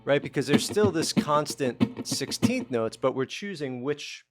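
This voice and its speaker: A man's voice: a little high, lively intonation, unhurried. A man giving a casual guitar lesson, explaining rhythm and counting beats aloud while he plays. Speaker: guitar teacher. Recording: loud guitar playing under the voice.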